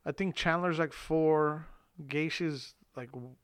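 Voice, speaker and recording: A man in a casual podcast chat, asking questions and throwing in quick remarks. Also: a little high, smooth, dry recording, studio quality.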